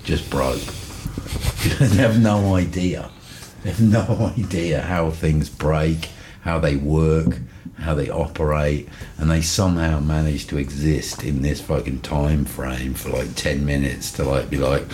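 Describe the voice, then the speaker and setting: Interview guest: middle-aged man, rumbling low voice, lively storyteller. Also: slow, a little hiss or hum. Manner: animated, swears freely, acts out quotes. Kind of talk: casual storytelling.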